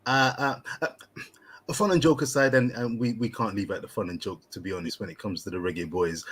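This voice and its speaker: A man's voice: lowish voice, steady tone, brisk, a bit bright, slightly rough. A man co-hosting a casual live-stream chat, playful, wordy and theatrical. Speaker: co-host.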